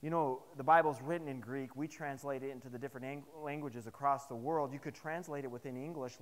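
A man's voice: medium pitch, a little fast, in a large hall. Man preaching stories in a chapel. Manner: animated, humorous storytelling to the congregation. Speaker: pastor. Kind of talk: sermon with personal stories. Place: chapel service.

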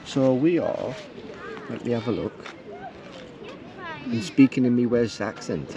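A man's voice: medium pitch, lively intonation, measured pace, long pauses, lo-fi sound, a crowd in the background. A man co-hosting a travel vlog, chatting in an easygoing, joking way and muttering as he reads signs outdoors. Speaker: travel vlogger. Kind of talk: casual chat. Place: outdoors by a beach. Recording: noisy outdoor recording.

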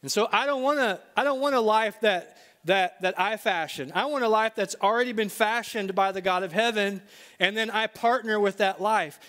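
A man's voice: sits high, moderate pace, fairly bright tone. A middle-aged male pastor preaching to a congregation in a church, telling a personal story in a conversational way that rises to emphatic bursts. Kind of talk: sermon. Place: church sanctuary before a congregation.

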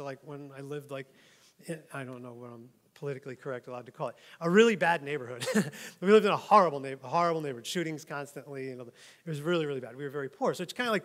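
A man's voice: fairly high pitch, fairly bright tone. A man preaching a casual, joking sermon in church, often checking in with his listeners as he talks. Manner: chatty, joking, keeps asking "right?". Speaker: pastor. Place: church sanctuary. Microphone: microphone.

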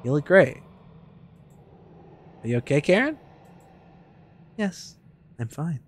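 A young man streaming a game, giving loud and excitable commentary with lots of swearing and trash talk. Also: a little high, slow pace. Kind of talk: casual gameplay commentary.

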